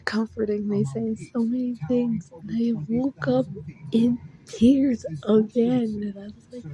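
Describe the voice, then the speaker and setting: On a phone recording with rough quality, a young woman vlogger tells a story to camera in a casual, emotional way. Close to tears, she uses lots of fillers, and her voice is medium-pitched and mellow.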